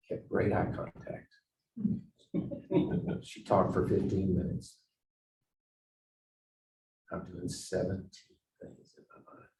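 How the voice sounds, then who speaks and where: A man giving a storytelling presentation on negotiation, swinging between loud emphasis and quiet asides. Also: low-pitched, gravelly. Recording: echoey room, distant mic.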